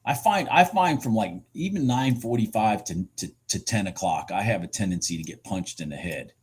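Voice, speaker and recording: A husky-voiced man talks through his trades live from his desk, his pitch swinging widely as he gets excited. He swears casually and mutters to himself between remarks to viewers. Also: normal speed. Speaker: futures trader streaming live. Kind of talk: live trading commentary.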